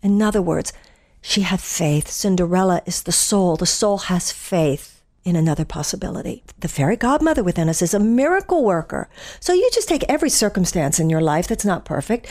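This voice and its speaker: A woman's voice: mid-range voice, a little mellow. A middle-aged woman giving an earnest inspirational radio talk, building her points through emphatic repetition and storytelling. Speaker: spiritual speaker giving a daily inspirational message.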